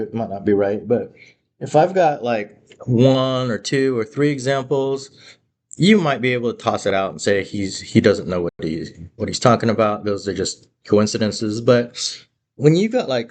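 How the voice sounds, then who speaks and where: A man's voice: medium pitch, slight background noise. A man teaching about the Bible in a casual, conversational way, with many fillers and restarts.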